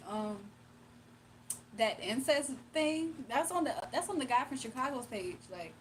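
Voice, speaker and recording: A woman's voice: high voice, animated, unhurried, slight background noise, poor audio. A woman with a Southern US accent from Virginia, casually chatting on a late-night livestream, laughing often and answering her chat. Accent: Southern US, Virginia with Atlanta influence. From Virginia, USA.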